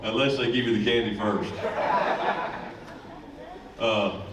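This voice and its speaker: A man, a high school football coach giving a rambling, joking ceremony speech. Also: fairly even intonation, takes it slowly. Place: school event room. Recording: echoey room, distant mic, faint noise.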